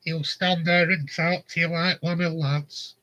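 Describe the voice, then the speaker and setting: A man's voice: fairly high pitch, level tone, normal speed, bright, forceful tone, low-quality recording. A man, casually telling rambling anecdotes and chuckling often. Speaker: vlogger. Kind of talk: casual storytelling.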